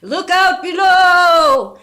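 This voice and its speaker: Casting: a woman playing a storybook ghost man, high, loud, slow drawn-out wails, bright tone. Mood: wailing. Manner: drawn-out wailing cries. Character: wailing male ghost falling down a chimney.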